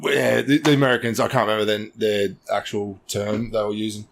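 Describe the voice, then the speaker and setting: A man's voice: lowish voice, flat delivery, fairly quick, vocal fry. A man in a casual podcast chat, rambling through army memories, swearing casually and acting out bits of dialogue. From Australia. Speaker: podcast co-host.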